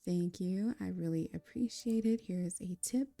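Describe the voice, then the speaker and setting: In an unhurried, creaky, lowish voice, a young woman narrates a life-sim game story on a close mic. As a gameplay storyteller she keeps things chatty and warm, full of laughter and filler words.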